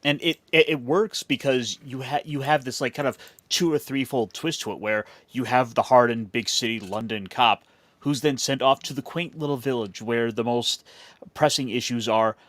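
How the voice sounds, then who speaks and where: A man's voice: mid-range voice, normal speed, fairly bright tone, no room sound. A man in a casual film discussion, rambling with many fillers and restarts. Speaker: podcast co-host.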